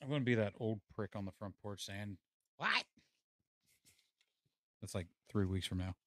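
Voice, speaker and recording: A man's voice: on the low side, fast, no room sound, studio quality. A man hosting a casual podcast chat, laid-back and swearing freely. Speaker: podcast host. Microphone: studio mic.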